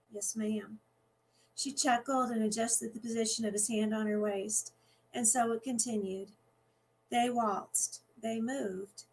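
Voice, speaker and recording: A woman's voice: on the high side, slight background noise, low-quality recording. Woman author reading her novel. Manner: conversational, halting setup before the reading.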